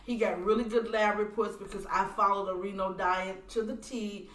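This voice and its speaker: A woman tells a personal story on a podcast in an earnest, animated way and talks about her faith. Her voice sits at a middle pitch for a woman. The sound comes from a distant mic and carries a roomy echo. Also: moderate pace. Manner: animated, acts out voices in quoted dialogue. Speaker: podcast guest, widow.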